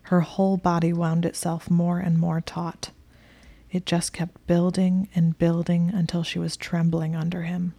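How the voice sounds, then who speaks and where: Whispered role-play narrator: woman, low, flat, gravelly, dark and dry, hushed delivery. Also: no echo. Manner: hushed, slow and breathy.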